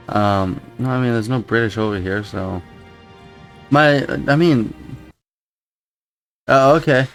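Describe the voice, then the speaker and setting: A man casually commenting on a video game as he plays, rambling and musing aloud with frequent startled exclamations. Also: mid-range voice. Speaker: gameplay commentator. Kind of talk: casual let's-play commentary.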